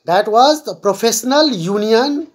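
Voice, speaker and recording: A woman's voice: fairly high pitch, animated, unhurried. A woman English teacher giving a classroom vocabulary lesson, patiently explaining words step by step and repeating them.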